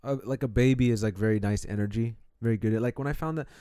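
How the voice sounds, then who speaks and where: A man's voice: mid-range voice, quick pace, warm tone, clean tone, dry recording, studio quality. A young man co-hosting a casual podcast, musing in a rambling, reflective way with frequent restarts. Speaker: podcast co-host. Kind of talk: casual chat.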